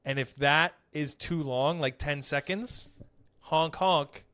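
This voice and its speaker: A young man hosting a casual podcast, telling stories in an animated, profane way. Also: fairly high pitch, slow pace, clean tone. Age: young adult. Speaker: podcast host; comedian.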